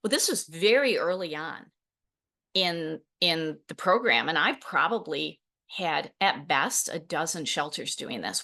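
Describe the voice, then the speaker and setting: A woman in her forties hosting a podcast, telling stories with lively laughs and acted quotes. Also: lowish voice, a little slow. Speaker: podcast host, program founder. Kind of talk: solo podcast talk.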